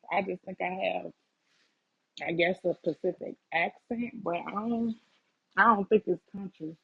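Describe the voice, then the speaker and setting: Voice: medium pitch, vocal fry, husky, no room sound, lo-fi sound. An interview guest, talking casually and thoughtfully with lots of "like" and "um". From Chicago. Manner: thoughtful and hesitant, many "like" and "um".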